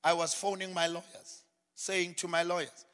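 A man with a high, bright, forceful voice gives a testimony from a church platform. He tells his story dramatically, dropping to hushed asides and then climbing to shouted peaks. His voice rings with the long reverb of a large hall. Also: level tone, normal speed. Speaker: guest speaker giving a testimony. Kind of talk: preaching testimony.

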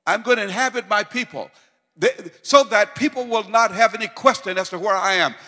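Fervent high-voiced male preacher in a reverberant hall. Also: fairly quick. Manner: builds from calm teaching to loud, fervent preaching with repetition. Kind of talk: sermon.

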